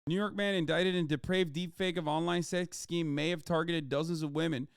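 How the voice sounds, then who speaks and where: A man's voice: fairly high pitch, fairly even intonation, fairly quick, gravelly, clear, resonant tone, dry recording, studio quality. A man streaming live commentary, ranting heatedly and swearing often. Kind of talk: livestream commentary.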